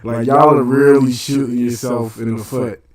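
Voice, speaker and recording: A man's voice: mid-range voice, level tone, moderate pace, no echo, faint music behind. A man hosting a radio show, delivering a blunt casual monologue in street slang full of rhetorical questions.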